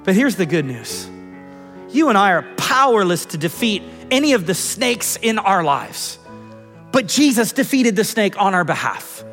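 A man's voice: high voice, big pitch swings, normal speed, fairly bright tone, soft background music. A man preaching a sermon, telling a family story in an earnest, conversational way and often repeating words. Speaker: pastor. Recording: long hall reverb.

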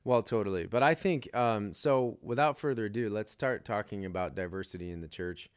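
A man's voice: fairly low pitch, a little fast, smooth. A man co-hosting a church podcast, telling stories with enthusiasm in casual chat. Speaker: podcast co-host.

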